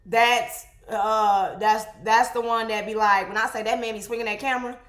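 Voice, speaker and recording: Animated woman chatting in an echoey room. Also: on the high side, moderate pace. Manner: animated, exclaiming, chats directly to viewers. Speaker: photographer. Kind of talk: casual vlog chat while editing photos.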